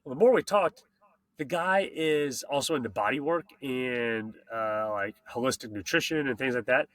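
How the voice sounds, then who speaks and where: Male podcast host, bright tone, hyped and slangy, casual and profane. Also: mid-range voice, moderate pace. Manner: excited, slangy, swears freely. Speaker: podcast host and mountain bike racer.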